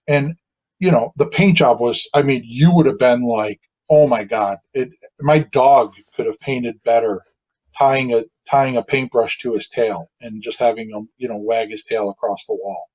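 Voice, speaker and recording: A man's voice: mid-range voice, normal speed, dull audio. A man in casual podcast conversation, telling blunt stories about clients and acting out what they said. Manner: storytelling, acts out quoted clients in animated asides. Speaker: guest, builder and designer.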